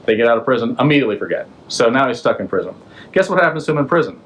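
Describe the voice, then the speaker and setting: A podcast host casually retelling a Bible story in a loose, slangy, conversational way, stopping to ask the listener questions. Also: male voice, mid-range voice, animated, very fast, a bit bright, low-quality recording.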